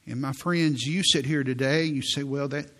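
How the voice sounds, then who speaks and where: A man preaching a sermon in a slow, deliberate way, reading scripture aloud and explaining it. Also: mid-range voice, fairly even intonation. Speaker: pastor.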